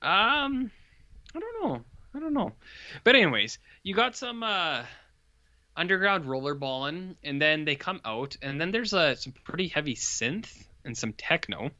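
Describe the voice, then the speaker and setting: A man co-hosting a podcast, casually retelling a horror film in a rambling, animated way. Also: a little high, measured pace, no room sound, lo-fi sound. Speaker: podcast co-host reviewing horror films. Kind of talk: casual chat.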